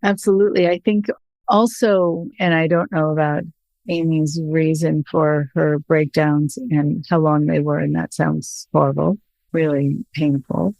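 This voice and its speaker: A woman hosting a podcast talks in a frank, easygoing way with a wry edge. Her voice sits a little low and the sound is dry and close. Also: level tone, unhurried, creaky, darkish tone, no room sound. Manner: frank and conversational, with a touch of humor. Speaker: podcast host and therapist. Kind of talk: casual podcast conversation.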